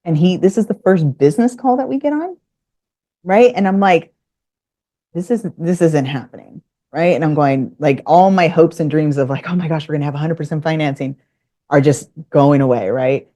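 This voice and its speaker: A podcast guest with a low, warm voice tells a business story in casual conversation at a normal pace, acting out both sides of the dialogue.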